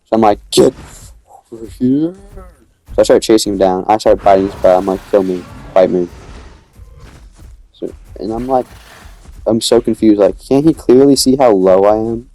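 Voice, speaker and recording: A man's voice: on the low side, a little fast, dark tone, faint music behind. A young man casually narrating his own dinosaur gameplay, rambling as he tells the story and acting out quoted lines.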